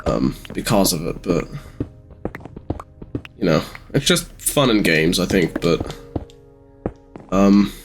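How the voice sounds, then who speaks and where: An eighteen-year-old Australian man rambling through casual gameplay commentary with halting ums, sounding sleepy. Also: sits low, expressive, over music. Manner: rambling, halting, many ums, sometimes swears. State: sleepy, yawning. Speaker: gamer streamer.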